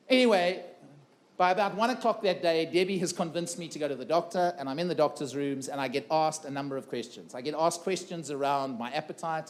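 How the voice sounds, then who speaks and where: High-voiced man telling his story. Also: fast. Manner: earnest, repeats phrases for emphasis, asks the audience questions. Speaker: keynote speaker. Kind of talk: personal story told to a live audience. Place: conference room before a live audience.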